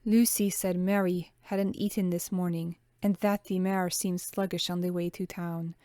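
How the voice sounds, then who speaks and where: A woman's voice: lowish voice, steady tone, moderate pace, warm tone, dry recording, studio quality, lightly acted. Woman putting on a French-accented young maid. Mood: sheepish. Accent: French, put on.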